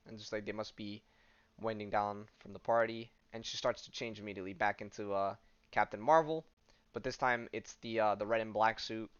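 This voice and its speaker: A man's voice: fairly low pitch, fairly even intonation, brisk, a bit bright, clean tone, highs cut off. Rambling man recapping comics. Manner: rambling, filler-heavy retelling with offhand asides. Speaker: podcast host.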